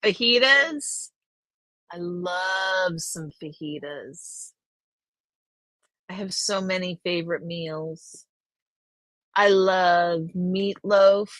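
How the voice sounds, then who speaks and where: A woman's voice: on the low side, a bit bright, dry recording. A woman hosting a casual live stream, chatting with viewers and reading their names aloud. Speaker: livestream host.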